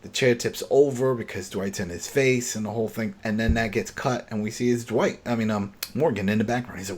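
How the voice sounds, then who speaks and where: Male podcast host, husky voice, animated scene-by-scene recap that slips into the characters' lines. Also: lowish voice, brisk, hardly any pauses. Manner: animated retelling, acting out dialogue. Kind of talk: casual podcast chat.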